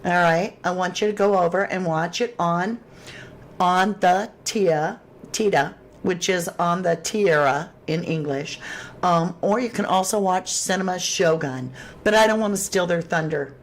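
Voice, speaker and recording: A woman's voice: lowish voice, measured pace. A woman hosting a true crime livestream, reading chat aloud and reacting with sudden exclamations. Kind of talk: casual livestream commentary.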